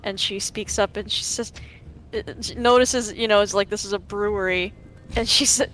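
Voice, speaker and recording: A woman's voice: medium pitch, fairly even intonation, normal speed, fairly bright tone, soft background music, rough recording. A young woman playing a tabletop game, describing her character casually with fillers. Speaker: player.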